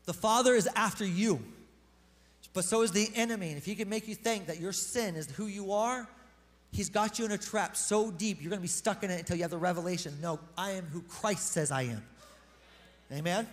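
Speaking briskly in a high voice, a man delivers a sermon to his congregation, relaxed in tone but emphatic. The pastor is recorded in a church hall whose long reverb lingers after his words.

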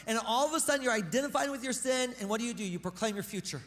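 Man, high voice, casual emphatic sermon, pastor, echoing church hall. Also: very fast, hardly any pauses, fairly bright tone. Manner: conversational, emphatic preaching. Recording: long reverb of a hall.

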